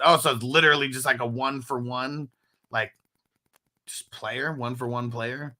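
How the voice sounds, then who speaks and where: A man with a very bright, forceful voice hosts a casual talk show. He reads viewer comments aloud and tells stories in a loose, laughing way. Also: mid-range voice, steady tone, normal speed. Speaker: podcast host. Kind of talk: casual chat reading live chat comments.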